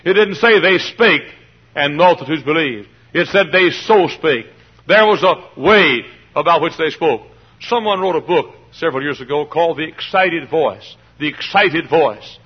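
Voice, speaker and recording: Impassioned husky preacher, man. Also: fairly high pitch, expressive, measured pace, dull audio. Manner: impassioned, hollers and pounds the pulpit, mimics voices. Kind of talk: sermon.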